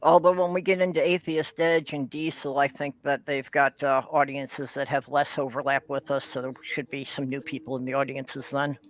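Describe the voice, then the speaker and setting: A man's voice: medium pitch, flat delivery, normal speed, few pauses. A man who runs a small video channel, chatting casually and self-deprecatingly. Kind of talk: casual stream chat.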